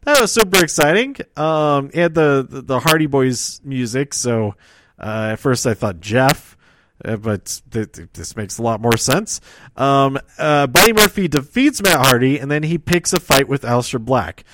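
A man's voice: mid-range voice, lively intonation, normal speed, background noise. A man casually recapping a wrestling show, rambling and correcting himself as he goes. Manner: rambling, self-correcting, chuckles at own slips.

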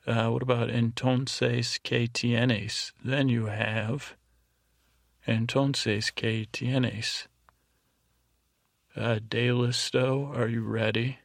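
Slow, flat, gravelly male podcast host. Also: mid-range voice, no room sound, studio quality. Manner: meandering, halting, stumbles over foreign words. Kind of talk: rambling bedtime podcast monologue.

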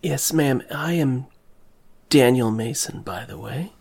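A woman putting on a deep, gruff young man. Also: takes it slowly, a little mellow, exaggerated voice. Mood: courteous. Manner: clipped and courteous. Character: polite, steady strong young man.

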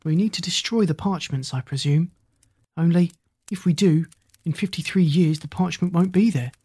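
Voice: medium pitch, normal speed, a little mellow, breathy edge, dry recording, lightly acted. A reader voicing an eager eleven-year-old boy who exclaims in a rush. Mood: urgent.

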